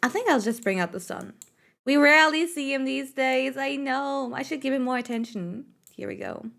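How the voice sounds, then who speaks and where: A woman's voice: high-pitched, lively intonation, moderate pace, vocal fry, a bit bright. Rambling, cursing woman streamer. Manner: rambling, frequent swearing and fillers. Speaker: game streamer. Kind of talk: casual live-stream chat.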